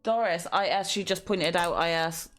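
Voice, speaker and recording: A woman's voice: fairly low pitch, normal speed. A woman streaming a mystery game live, thinking aloud and reading clues and letters aloud. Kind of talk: live gameplay commentary.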